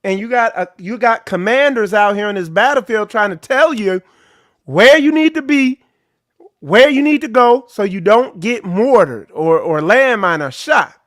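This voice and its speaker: A man's voice: high voice, animated, moderate pace, a bit bright, no echo, studio quality. A man leading an informal ministry talk, preaching bluntly and with animation. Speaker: ministry leader. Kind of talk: informal sermon.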